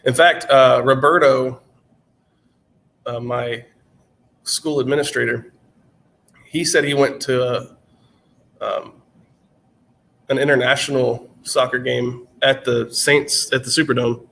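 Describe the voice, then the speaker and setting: A man's voice: medium pitch, fairly even intonation, takes it slowly, creaky, pauses often, fairly bright tone. A man in his twenties with a general American accent, chatting casually on a live stream and answering questions, his voice worn out, rambling with many fillers and restarts. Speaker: channel host answering chat.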